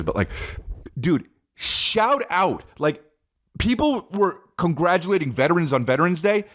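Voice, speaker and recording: A comedian on his own podcast delivers a rambling, profane, animated monologue in a voice that sits high. He refers to the listener as dude.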